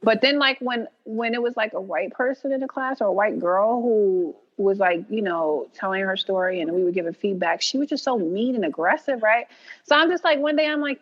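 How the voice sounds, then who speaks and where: A woman guest on a podcast, an animated storyteller who acts out what people said and laughs often. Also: fairly high pitch, brisk, dull audio. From New York. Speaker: creator and writer, guest. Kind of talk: casual podcast interview.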